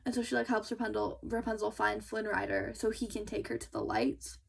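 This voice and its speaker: A young woman reviewing books in a chatty, casual way, full of fillers and quick restarts. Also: mid-range voice, expressive, creaky, slightly rough. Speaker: book reviewer. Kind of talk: casual chat.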